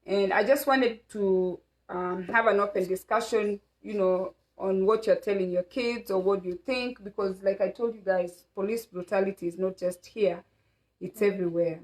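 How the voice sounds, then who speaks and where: A woman's voice: medium pitch, fairly even intonation, normal speed, low-quality recording. Middle-aged woman from Kenya hosting a family livestream; loose, rambling delivery, mid voice. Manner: warm, rambling, many fillers. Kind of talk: casual livestream chat.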